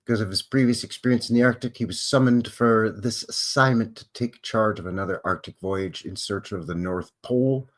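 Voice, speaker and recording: A Canadian man with a lowish voice hosts a casual live stream. He reads historical notes aloud and keeps interrupting himself with dry, offhand remarks. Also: fairly quick, hardly any pauses. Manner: wry offhand asides between read-out facts. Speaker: live show host.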